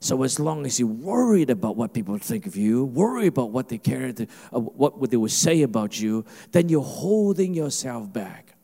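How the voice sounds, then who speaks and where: A male pastor preaching a sermon, animated and emphatic, with a conversational delivery. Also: mid-range voice, normal speed, creaky, long reverb tail. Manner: animated, rising to emphatic preaching with mimicked asides.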